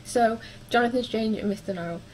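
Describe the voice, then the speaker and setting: A woman's voice: on the high side, brisk, a little hiss or hum, low-quality recording. Chatty young woman reviewing books. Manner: chatty, frequent ums and likes. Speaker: book vlogger. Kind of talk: casual book review chat.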